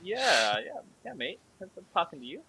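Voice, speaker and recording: A man's voice: on the high side, very animated, normal speed, pushed and bright, breathy edge, no echo, exaggerated voice, low-quality recording. A man voicing a character clumsily faking an Australian accent, stammering and hesitant. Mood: bluffing.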